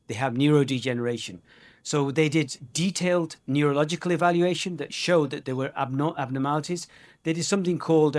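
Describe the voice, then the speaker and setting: A man giving a conversational, joking medical conference lecture, with many fillers. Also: mid-range voice. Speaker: conference speaker.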